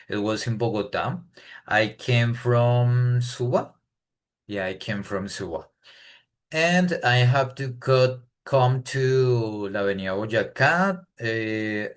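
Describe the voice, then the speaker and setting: A man from Colombia with a Colombian accent, a Spanish-speaking English learner talking off the cuff and searching for words. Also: on the low side. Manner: hesitant, searching for words in a second language. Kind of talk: unscripted speaking practice.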